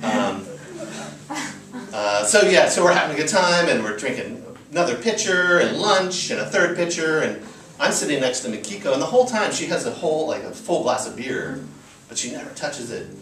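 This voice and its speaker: This American man in his thirties has a higher-pitched, sing-song voice with a fairly bright tone, speaking at a normal pace. He recounts a personal story to a live storytelling audience, casual and filler-heavy. The recording sounds roomy, taken from a distant mic.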